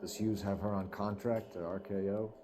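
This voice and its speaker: An actor playing an earnest, clipped young police detective in a video game. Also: male voice, lowish voice, steady tone, moderate pace, close to an everyday voice. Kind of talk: 1940s-style game acting.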